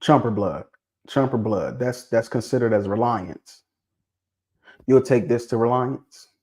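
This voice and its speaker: A mid-pitched man speaks in on a casual livestream. He is lively and keeps pressing his audience with repeated questions. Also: measured pace. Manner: animated, prodding viewers with questions, repeats himself. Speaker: livestream host discussing dog pedigrees.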